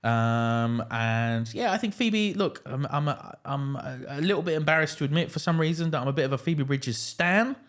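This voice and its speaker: A man in his thirties co-hosting a casual podcast chat, rambling and halting with plenty of swearing. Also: a little high, lively intonation. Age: 30s. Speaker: podcast co-host.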